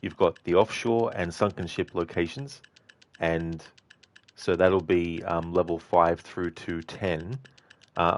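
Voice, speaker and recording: A man's voice: deep voice, no room sound. A man streaming a game, chatting casually with viewers, with frequent fillers and easy laughs. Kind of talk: casual chat reading viewer messages.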